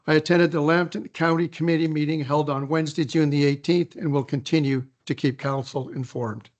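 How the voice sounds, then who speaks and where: A man chairing a council meeting in a council chamber, reading his report and calling motions in a measured, procedural way. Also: on the high side, steady tone, muffled recording.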